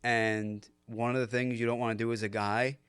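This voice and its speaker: A man's voice: medium pitch, level tone, moderate pace, fairly bright tone, clear, resonant tone, no echo. A young man co-hosting a podcast in casual chat, laid-back and offering friendly advice. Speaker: podcast co-host.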